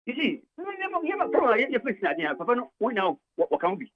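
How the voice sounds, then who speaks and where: A man's voice: extremely high pitch, wildly swooping pitch, fast talker. Emphatic older Ghanaian man on a dull line. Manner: emphatic, repetitive, mixes English with Twi. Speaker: labour union leader, radio guest. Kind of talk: heated radio talk-show debate.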